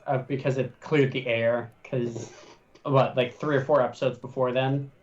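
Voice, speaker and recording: A man who plays in the campaign, recounting a table story in a halting way with fillers. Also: mid-range voice, fairly even intonation, recorded from a distance, highs cut off. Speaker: player. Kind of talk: casual chat.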